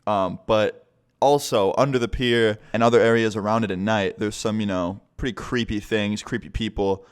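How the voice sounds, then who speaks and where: A man's voice: lowish voice, steady tone, normal speed, clean tone. A young man vlogging a casual storytime, rambling and swearing a lot. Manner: rambling, profane, chatty.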